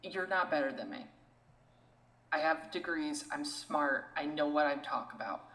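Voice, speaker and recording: A woman with a lowish voice rants on a casual podcast, her pitch swinging widely as she gets exasperated. The sound carries a roomy echo around her. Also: normal speed. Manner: animated, exasperated ranting. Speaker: podcast co-host.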